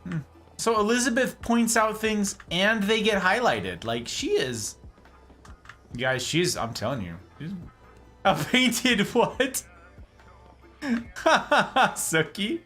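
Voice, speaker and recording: A man's voice: high-pitched, sing-song, slow pace, long pauses, bright, forceful tone, soft background music. A young man streaming a game, chatting casually with playful, theatrical jokes. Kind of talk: casual gameplay commentary.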